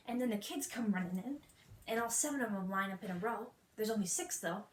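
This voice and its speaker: A young woman retelling a musical in a fast, playful, slangy way, acting out the quotes, recorded in a room with faint noise. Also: mid-range voice, lively intonation, reverberant. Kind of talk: hyper comic retelling.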